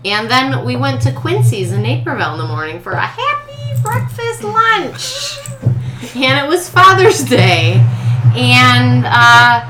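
A woman's voice: high-pitched, big pitch swings, unhurried. A woman guest in casual chat, telling a story animatedly and laughing often. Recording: echoey room with background noise.

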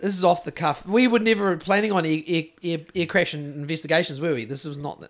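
A man's voice: fairly high pitch, quick pace. A man with a New Zealand accent hosting a podcast, rambling through casual chat, swearing and joking as he goes. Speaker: podcast host.

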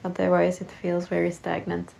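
A woman's voice: on the low side, monotone, normal speed, gravelly, a little mellow, rough recording. A woman co-hosting a podcast in casual chat, upbeat and chatty with frequent fillers. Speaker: podcast co-host.

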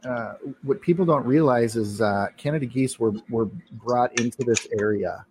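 A man's voice: mid-range voice, moderate pace, darkish tone. A man co-hosting a podcast in casual conversation, his voice sitting in an ordinary middle register. He wanders through his points with frequent fillers and restarts. A faint noise floor sits under the recording. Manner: rambling, many fillers and restarts. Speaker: podcast co-host. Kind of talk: casual chat.

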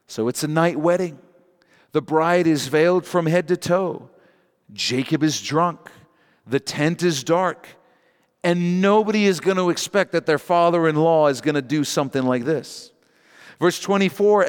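A male pastor preaching a sermon, reading scripture with animated joking asides and emphatic repetition. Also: a little high, moderate pace, clear, resonant tone, in a large hall.

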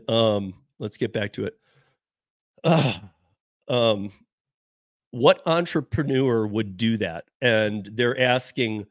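A man's voice: mid-range voice, no echo, clean studio sound. A man hosting a podcast as a rideshare driver, chatting casually, reading the news aloud and rambling with frequent self-corrections and asides.

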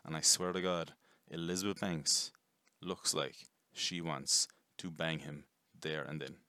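A man giving a casual, rambling movie review, chatty and quick to swear. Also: very deep voice, steady tone, pushed and bright, no room sound, studio quality. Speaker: film reviewer.

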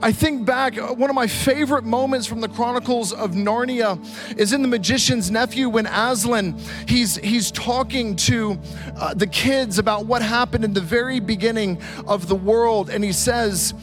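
A man in his thirties, a pastor preaching a sermon from a stage and telling stories in an animated, vivid way. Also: very high-pitched, moderate pace, over music. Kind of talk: storytelling sermon. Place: church stage.

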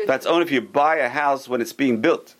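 A man teaching a Torah class as a rabbi, emphatic and repeating his key words, who tells stories in an animated way. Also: medium pitch, a little fast, a little hiss or hum, low-quality recording.

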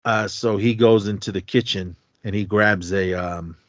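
On a podcast, a male co-host recaps a horror movie casually, tossing in quick acted-out quotes of the characters. His voice is lowish, steady and a bit bright, and the recording is dull and dry.

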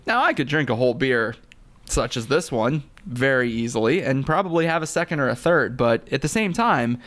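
A man's voice: medium pitch, lively intonation, normal speed, fairly bright tone. Playful man co-hosting a beer podcast. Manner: playful, jokey, sings snippets of lyrics. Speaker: podcast co-host. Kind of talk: casual beer-tasting chat.

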